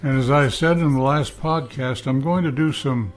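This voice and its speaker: A man hosting a podcast, giving a Bible teaching and reading scripture aloud in a measured, deliberate way, leaning on key words. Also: medium pitch, soft background music.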